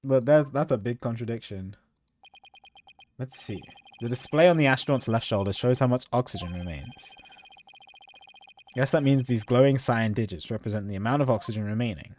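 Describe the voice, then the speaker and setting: A man's voice: medium pitch, normal speed, pauses often, a little mellow. A man casually commenting and reading aloud while streaming a game, with wry joking asides. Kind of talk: casual let's-play commentary.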